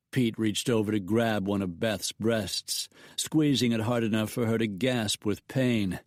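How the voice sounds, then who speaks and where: A man narrating a western novel in a steady, measured voice. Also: fairly low pitch, no echo, clean studio sound. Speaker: audiobook narrator.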